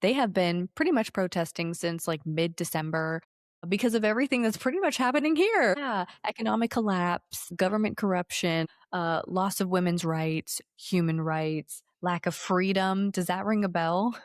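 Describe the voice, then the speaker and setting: A woman's voice: lowish voice, moderate pace, no room sound, studio quality. Sarcastic woman in her thirties. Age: 30s. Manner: sarcastic, animated, swearing. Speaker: podcast co-host. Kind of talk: casual political chat.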